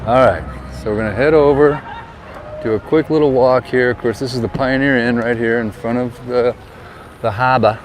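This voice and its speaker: Walking by a harbor and down a town street, a vlogger who also works in real estate narrates his casual vlog in a steady, mid-range voice at a normal speed. He offers friendly, tour-guide-style tips, and the rough recording picks up outdoor street noise.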